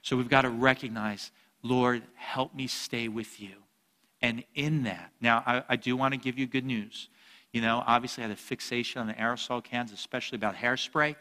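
Bright-voiced pastor in a reverberant hall. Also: male voice, medium pitch, brisk. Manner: lively storyteller, jokey, swings loud and soft. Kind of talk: sermon with personal story.

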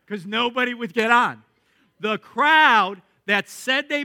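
A man pastor preaching a sermon as a lively storyteller, swinging from excited outbursts to hushed tones. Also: extremely high pitch, takes it slowly.

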